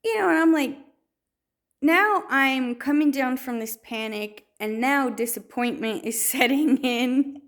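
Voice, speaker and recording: A woman's voice: sits high, unhurried, fairly bright tone. A woman telling a personal faith story in a storytelling way, with many restarts and fillers. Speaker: testimony speaker.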